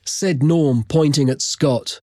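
A narrator reading a chapter of a children's story aloud, with expressive storytelling. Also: medium pitch, slow pace, dry recording, clean studio sound. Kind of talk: audiobook reading.

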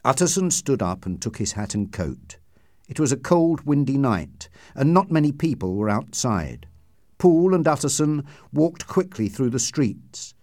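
A man reads a story aloud in an expressive, scripted style. His pitch moves in a very lively way, and the recording is dry and close. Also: unhurried, dry recording. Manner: expressive, acts out dialogue. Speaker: audiobook narrator.

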